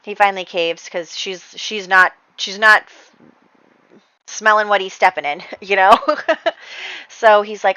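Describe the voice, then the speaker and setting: A woman's voice: mid-range voice, unhurried, pauses often, pushed and bright, clear, resonant tone, dry recording, highs cut off. A woman narrating a life-sim game in a chatty, casual storytelling way, full of fillers. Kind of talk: casual let's-play storytelling.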